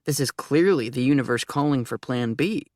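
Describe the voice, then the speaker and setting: A woman's voice: a bass voice, normal speed, a little mellow, no room sound, studio quality. Eager, flustered woman narrating an audiobook. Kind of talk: first-person audiobook narration.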